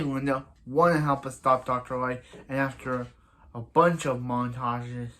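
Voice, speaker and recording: A man's voice: mid-range voice, a bit bright. Man rambling through a TV recap. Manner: rambling, full of restarts and "so yeah"; acts out characters' lines in quick asides. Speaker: TV episode reviewer. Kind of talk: casual spoken episode recap.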